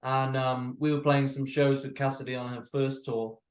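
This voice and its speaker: A man's voice: mid-range voice, flat delivery, normal speed, reverberant. A young man from North Wales, a guitarist, with an accent mixing English and Welsh, talking in an easygoing, rambling way in a video call interview. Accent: mixed English and Welsh.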